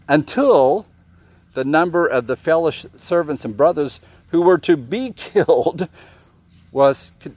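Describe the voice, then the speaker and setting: A man giving an informal sermon, reading scripture and asking his listeners questions, often repeating himself. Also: mid-range voice. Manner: conversational, questions the audience, repeats words. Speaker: preacher.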